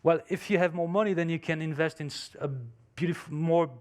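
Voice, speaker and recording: A man's voice: a little high, steady tone, brisk, darkish tone, natural voice. A man speaking English as a second language, voicing a pushy, successful businessman who lectures insistently.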